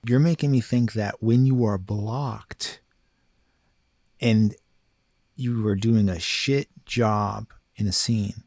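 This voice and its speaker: A podcast host speaks slowly in a husky, fairly low, darkish voice during a casual interview. His intonation stays fairly even, and the studio-quality recording has no room sound.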